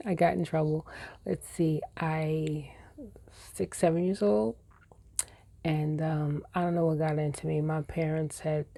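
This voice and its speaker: Gravelly low-voiced woman in her forties. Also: dark tone, no echo. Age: 40s. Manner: meandering, self-correcting, reminiscing. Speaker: vlogger. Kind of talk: casual personal storytelling.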